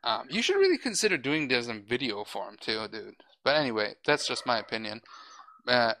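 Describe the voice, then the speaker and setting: A man's voice: mid-range voice, sing-song, normal speed, sharp tone, poor audio. A man hosting a podcast, chatting casually with strong opinions and a lot of restarts, and swearing now and then. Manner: rambling, opinionated, frequent restarts. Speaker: podcast host. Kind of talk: casual chat.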